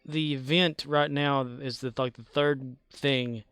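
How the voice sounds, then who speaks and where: Slow, mumbling low-key game streamer. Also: steady tone, fairly bright tone, smooth, no room sound. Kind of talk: casual live-stream chat.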